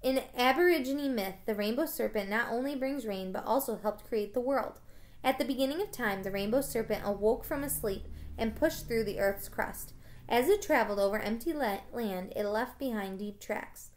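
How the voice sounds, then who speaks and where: A woman teacher reading a children's chapter book aloud to her class. She tells the story casually, with small slips along the way. Her voice sits a little high. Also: normal speed.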